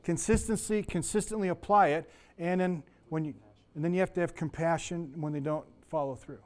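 A middle-aged man with a slightly high, mellow voice teaches a Bible lesson at a fairly quick clip, his intonation fairly even. His voice is a bit sore, and he keeps it conversational, wandering into anecdotes and asides.

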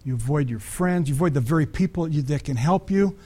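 Brief: male pastor, fairly high voice, chatty sermon delivery with questions to the congregation. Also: animated, a little fast, warm tone. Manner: conversational, acts out the Bible voices, asks the audience questions.

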